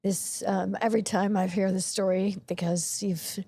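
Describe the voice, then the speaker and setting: A woman's voice: medium pitch, little pitch movement, moderate pace, dark tone. A woman hosting a podcast interview, engaged and affirming as she asks her guest questions. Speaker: podcast host. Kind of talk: interview conversation.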